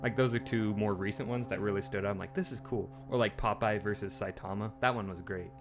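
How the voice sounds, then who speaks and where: A man's voice: fairly low pitch, steady tone, fast talker, faint music behind. A man co-hosting a livestream while playing a game, cracking jokes and humming as he goes. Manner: jokey, wisecracking, hums while playing. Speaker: talk show co-host playing a game. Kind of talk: casual livestream gameplay chat.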